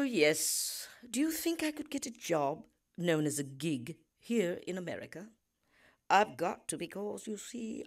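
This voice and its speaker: Woman putting on a english "darling" voice, low and slow. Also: a little mellow, full character voice. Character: posh haughty English lady.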